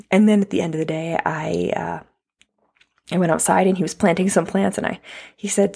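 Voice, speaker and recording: A woman's voice: fairly low pitch, steady tone, normal speed, creaky, long pauses, a little mellow, slightly rough. A woman in her thirties talking straight to the listener in an earnest, heartfelt motivational monologue. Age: 30s. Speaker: podcast host.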